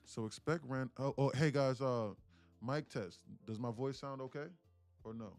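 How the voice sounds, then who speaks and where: A man hosts a day-trading livestream in a loose, casual voice, chatting back to viewers and cursing now and then. His pitch sits in a plain middle range, and he speaks from about a foot off the mic. Faint music plays in the background. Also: moderate pace, a little mellow. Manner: loose and chatty, swears casually, reads out chat replies.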